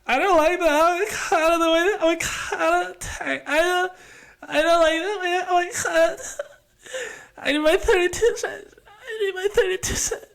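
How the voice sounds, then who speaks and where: A man's voice: very high-pitched, moderate pace, creaky, a bit bright, voice pushed up, full character voice. A man mimicking a whiny, entitled male restaurant customer who is close to tears. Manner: whining, near tears, fussy complaints.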